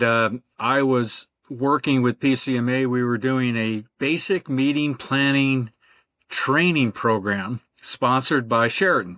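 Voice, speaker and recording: An older man, a podcast guest, telling his career story in a relaxed, rambling way with many fillers, over a remote call. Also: mid-range voice, no room sound. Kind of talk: conversational interview.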